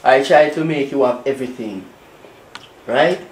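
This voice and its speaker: A man's voice: medium pitch, normal speed, close to an everyday voice. Jamaican guy acting as a cheated-on husband, keeps repeating himself, slight hiss in the background. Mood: angry. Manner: pleading, repetitive, rising questions. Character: betrayed husband, hurt and accusing. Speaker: actor. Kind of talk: low-budget film acting. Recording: echoey room, faint hiss.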